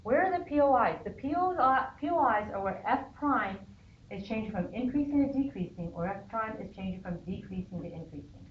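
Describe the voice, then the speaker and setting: A woman's voice: medium pitch, lively intonation, fairly quick. Woman teaching a math class. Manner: checks in often with "okay?". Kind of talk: classroom lecture. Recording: dull lo-fi sound in an echoey classroom with faint noise.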